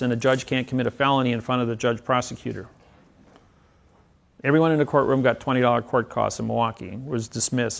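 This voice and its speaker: A man's voice: medium pitch, gravelly. A man speaking as a seminar speaker, telling rambling anecdotes packed with legal citations. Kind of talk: storytelling lecture.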